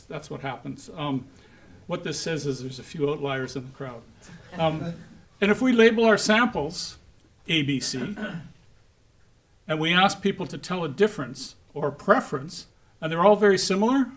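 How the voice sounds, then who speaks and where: Lively joking man giving a lecture. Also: on the high side, normal speed. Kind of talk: conference talk. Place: lecture hall before a live audience.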